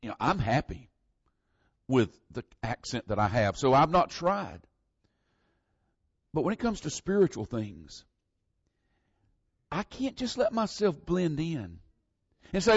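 A man's voice: fairly high pitch, big pitch swings, a little slow, long pauses, husky, no room sound, lo-fi sound. A man from northern Florida with a Southern accent, preaching a folksy, conversational sermon and leaning hard on the scripture verses.

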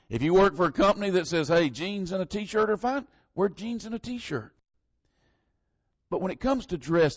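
A man's voice: fairly high pitch, no room sound, highs cut off. A man from northern Florida with a Southern accent, preaching a folksy, conversational sermon and leaning hard on the scripture verses.

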